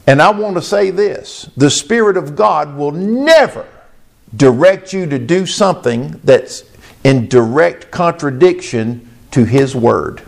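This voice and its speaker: A man preaching a sermon as pastor, slow and emphatic, asking the congregation questions. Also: fairly high pitch, lively intonation, creaky.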